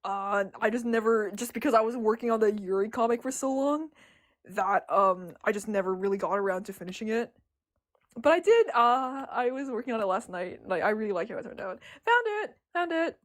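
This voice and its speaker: On a livestream, a young woman artist chats casually about her drawings. Her mid-range voice moves briskly, and she's excitable and giggly, laughing often.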